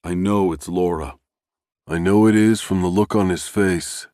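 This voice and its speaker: A man narrating a romance audiobook in the first person, with a measured, unhurried reading. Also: deep voice, warm tone, no echo, clean studio sound.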